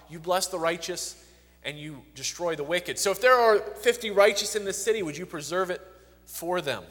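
A man with a high, light voice delivers a sermon. He reads the scripture with building emphasis and often restarts a phrase before pressing on. His voice trails off in the long reverb of a large hall. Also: a bit bright. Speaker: preacher.

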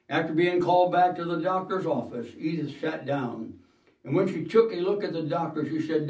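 A man preaching a sermon, telling a story in an earnest, measured way with "uh" fillers and the odd throat-clearing. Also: fairly high pitch, darkish tone. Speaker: pastor. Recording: roomy hall, mic at a distance.

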